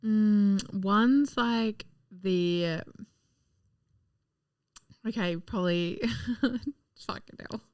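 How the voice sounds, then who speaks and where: A woman's voice: medium pitch, very slow, pauses often, a little mellow, clean tone, dry recording, studio quality. A woman in her thirties co-hosting a casual podcast, giggly and playful, swearing casually. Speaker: podcast co-host.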